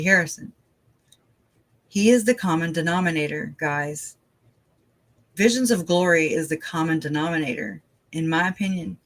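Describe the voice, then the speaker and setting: A true crime livestream host who talks casually and at length. The voice turns loud and animated when worked up, and it is full of laughs and fillers. The pitch sits in a middle range. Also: poor audio.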